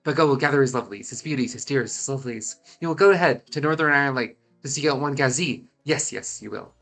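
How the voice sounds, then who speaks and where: A man's voice: mid-range voice, fast, a bit bright, faint music behind, natural voice. A congested Scottish man voicing a small eccentric kobold creature who repeats himself and strings together synonyms. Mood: fawning. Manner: repeats himself, listing near-synonyms, hissing "yes, yes".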